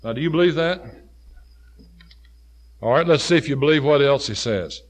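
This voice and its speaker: Guy preaching a sermon, kinda high voice, gets loud and emphatic then drops way down low, reads old-style scripture. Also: normal speed, long pauses. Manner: rising to emphatic, loud peaks, then dropping low and quiet; quotes scripture in old King James wording.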